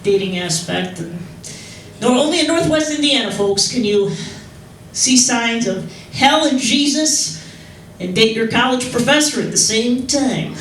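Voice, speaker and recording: Young female stand-up from Chicago, halting rambling delivery, echoey room recording with faint noise. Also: on the high side, expressive. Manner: rambling, halting, with repeated restarts. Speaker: stand-up comedian. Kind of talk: stand-up comedy set. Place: club stage with audience. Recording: echoey room, mic heard from far off.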